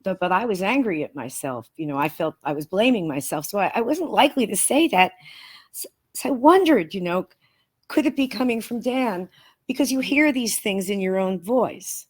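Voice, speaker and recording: A woman guest in a studio interview, telling a personal story in an earnest, animated way and often restarting her sentences. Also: mid-range voice, moderate pace. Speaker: guest, author and researcher.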